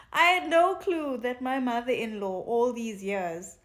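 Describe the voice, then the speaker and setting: A woman's voice: a little slow, hardly any pauses. A South African woman in her thirties, casually telling stories to her phone camera and acting out other people's lines. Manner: animated, acts out other people's lines in higher voices. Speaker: vlogger.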